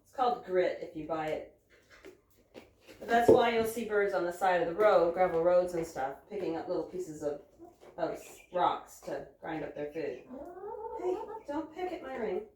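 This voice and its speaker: A woman's voice: on the low side, moderate pace, a little mellow, very echoey, distant mic, slight background noise, low-quality recording. A woman chatting casually while milking in a barn, now and then cooing to her animals in baby talk. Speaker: homesteader vlogger.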